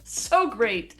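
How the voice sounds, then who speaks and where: A woman's voice: very high voice, a bit bright. A woman playing a tabletop game, talking in a playful, giggly way. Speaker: player. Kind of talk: casual tabletop play.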